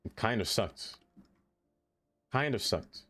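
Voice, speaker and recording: A man with a fairly low voice chats his way through a live game stream, talking to the game and answering his chat. He is quick to break into dismayed exclamations, and soft music plays behind him. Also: expressive, slightly rough. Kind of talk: casual live-stream chatter while playing.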